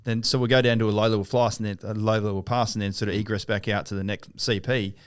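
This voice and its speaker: A man's voice: lowish voice, level tone, quick pace, clear, resonant tone, dry recording, studio quality. A middle-aged Australian man, a former army officer, chatting casually on a podcast, swearing freely with hesitant restarts. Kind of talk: casual chat.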